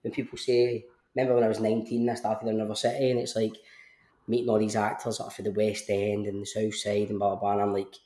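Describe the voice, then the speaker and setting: A man's voice: fairly low pitch, completely flat delivery, fast, mellow. A man in his thirties with a broad Glaswegian accent, chatting casually and laughing often. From Scotland. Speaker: podcast guest, actor. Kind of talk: casual chat. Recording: echoey room.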